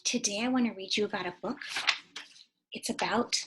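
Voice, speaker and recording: A woman teacher giving a read-aloud lesson to young children, animated and full of questions, sometimes dropping to a whisper. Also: medium pitch, brisk, slightly rough.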